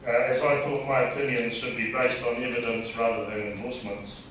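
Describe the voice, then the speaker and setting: A man with a New Zealand accent giving a measured lecture presentation as a dentist, with a dry sense of humor. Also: medium pitch, level tone, fairly bright tone, a little hiss or hum. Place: lecture hall. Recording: distant echoey hall mic.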